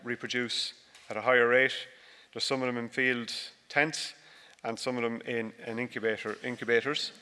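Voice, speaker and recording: With a smooth, mid-range, slightly bright voice, a dairy farmer talks about his farm at a conference, using slides and a chatty, jokey, self-deprecating style. The big hall adds a long reverb.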